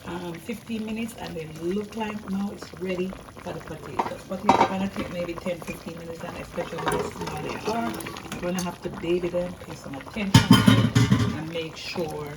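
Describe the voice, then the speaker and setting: A woman hosting a casual cooking vlog, chatty and excitable, talking to her viewers as she cooks in her home kitchen. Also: lowish voice. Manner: chatty and excitable, often calling viewers "guys". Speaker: cooking channel host. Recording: voice far from the mic over loud boiling pot noise.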